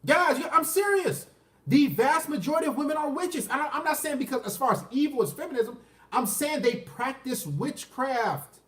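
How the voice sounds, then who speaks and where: A dating commentary streamer rants crudely in an unscripted livestream, fielding questions from chat. His voice is extremely high, expressive and a bit bright at normal speed, caught off-mic in a room with noticeable echo.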